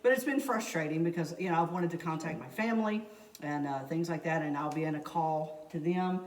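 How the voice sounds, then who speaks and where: A woman in casual chat, an animated storyteller who laughs often and repeats her points. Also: low-pitched, brisk, far from the mic. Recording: echoey room, voice from off mic.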